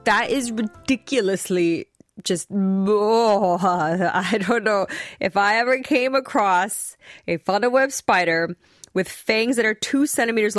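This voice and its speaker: A woman's voice: on the high side, no room sound, studio quality. A woman hosting a radio show, chatting casually and laughing often. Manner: lively, laughs often, playful. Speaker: radio host.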